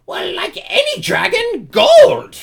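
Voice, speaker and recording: Shrill pompous kobold chief. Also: female voice, wildly swooping pitch, takes it slowly, gravelly, full character voice. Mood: haughty. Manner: shrill, grandiose, shouting. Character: pompous regal kobold chief, small reptile.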